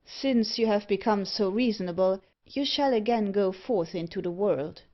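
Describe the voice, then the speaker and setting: A woman's voice: medium pitch, normal speed, muffled recording, close to an everyday voice. A woman reading a sinister male keeper. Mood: cold.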